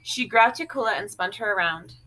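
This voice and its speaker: A woman reading a literary novel aloud in a measured, even way. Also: medium pitch, rough recording. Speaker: audiobook reader.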